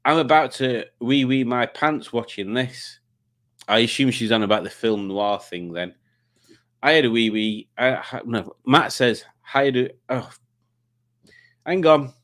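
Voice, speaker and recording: A man's voice: mid-range voice, unhurried, fairly bright tone. Male livestream host, casual rambling chat, stumbles and restarts. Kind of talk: casual chat reading comments.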